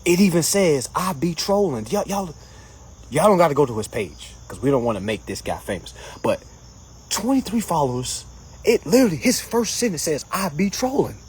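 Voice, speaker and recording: A husky, raspy man hosts a casual livestream, reading and mocking comments. His voice sits a little high and jumps all over, from loud taunts down to low, quiet asides. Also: moderate pace. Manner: animated, mocking, swings between loud jokes and low asides.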